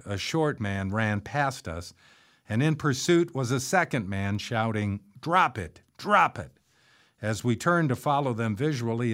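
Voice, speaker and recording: A man reading his memoir aloud in a wry, conversational storytelling way. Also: fairly low pitch. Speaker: narrator of a memoir.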